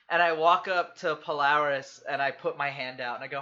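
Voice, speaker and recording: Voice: mid-range voice, steady tone, moderate pace, few pauses, sharp tone, highs cut off. A player in a tabletop game, talking casually and upbeat about what the character does.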